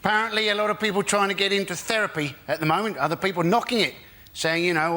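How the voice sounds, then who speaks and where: Quick dry stand-up comedian. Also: male voice, high-pitched, sharp tone, slight background noise. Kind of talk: stand-up routine.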